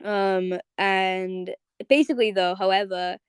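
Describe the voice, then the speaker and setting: Speaking a little slowly in a smooth, medium-pitched voice, a young woman hosting a live audio chat rambles through a recap of a cartoon episode she loves. She's excitable, restarting often and using plenty of fillers. The recording is dry, captured on a streaming audio mic.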